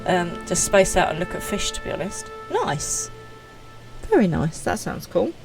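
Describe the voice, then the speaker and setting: A woman's voice: on the low side, big pitch swings, unhurried, vocal fry, music in the background, rough recording. A woman streaming live, chatting casually and with self-deprecating humor as she reads out messages from viewers. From United Kingdom.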